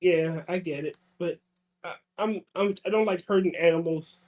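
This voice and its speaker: A man with a high-pitched voice talking casually on a podcast. He rambles and stumbles, repeating words as he gets his thoughts out. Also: normal speed, a little mellow. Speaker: podcast co-host.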